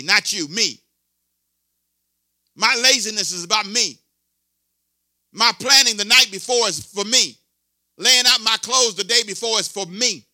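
A man's voice: high voice, pushed and bright, no echo, studio quality. A pastor in his sixties preaching a sermon with emphatic, repetitive call-and-response delivery.

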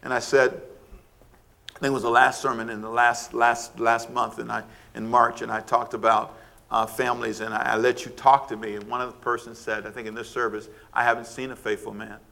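Bright-voiced preaching man. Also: flat delivery, a little fast, gravelly. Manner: preaching with wide swings of pitch and loudness, rhetorical questions; laughs between points, acts out quoted scolding. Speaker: pastor. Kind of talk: sermon.

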